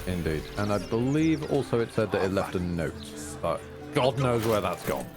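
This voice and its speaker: Co-streamer man, lively delivery, dry humor. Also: fairly low pitch, over music. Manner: dry, amused, quick to joke. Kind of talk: casual let's-play chat.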